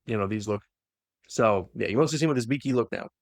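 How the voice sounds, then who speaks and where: A man's voice: medium pitch, no room sound, studio quality. A man casually retelling a story on a podcast, animatedly acting out the characters' lines. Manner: animated, acts out characters' lines in quick voices. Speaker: podcast co-host retelling a novel. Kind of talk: casual lore recap chat.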